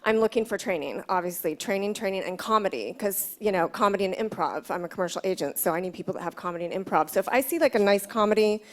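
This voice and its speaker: A woman's voice: medium pitch, fast, few pauses. A woman who works as a commercial agent, speaking frankly and chattily on a panel. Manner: chatty, frank, many fillers. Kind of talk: panel discussion.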